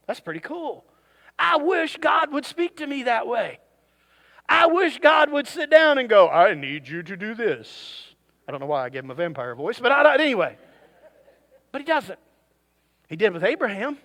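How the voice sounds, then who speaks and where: A pastor preaching a sermon to his congregation, with animated delivery and jokey asides to the crowd. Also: very high-pitched. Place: church service.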